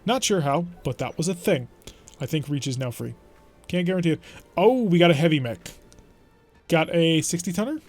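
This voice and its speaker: Wry young male streamer, slightly high voice, chatty play-by-play with mock exasperation. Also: expressive, normal speed, pauses often, darkish tone, faint music behind. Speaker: gaming streamer. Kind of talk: let's play gameplay commentary.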